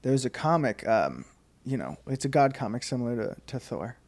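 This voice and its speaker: A young man co-hosting a casual podcast, reacting with quick jokes and short comments. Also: mid-range voice, very animated, a little mellow. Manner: reacts with short joking interjections. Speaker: podcast co-host.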